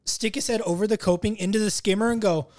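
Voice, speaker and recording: A man's voice: high-pitched, fairly even intonation, fast, a little mellow. A man co-hosting a casual podcast, telling a story loosely and swearing a lot. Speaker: podcast co-host, pool service worker. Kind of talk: casual chat.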